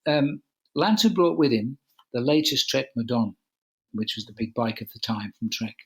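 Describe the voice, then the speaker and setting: An older man with a husky, slightly breathy voice tells a story at an easy, chatty pace. He acts out the lines he quotes, speaking into a video call. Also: mid-range voice, expressive, normal speed, a bit bright, low-quality recording. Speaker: guest, cycling commentator. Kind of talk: relaxed anecdotal storytelling.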